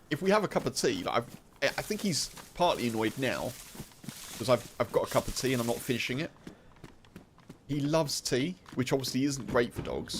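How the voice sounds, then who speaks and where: A British man talks casually with his viewers while streaming a game. He rambles, laughs often and fills his sentences with "like" and "you know," at a middling pitch. A faint hiss sits under his voice. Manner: chatty, laughing, rambling, full of fillers.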